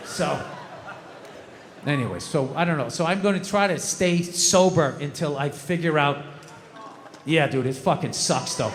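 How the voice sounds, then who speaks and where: A man's voice: fairly high pitch, measured pace, long pauses, background noise. A man doing stand-up comedy on a large outdoor stage, ranting in an exasperated, profane way into a handheld mic. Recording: live outdoor show with reverb.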